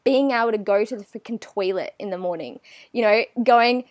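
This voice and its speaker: A woman's voice: mid-range voice, brisk, no echo. A woman, chatting animatedly as an interview guest and acting out her own thoughts. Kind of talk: casual interview chat.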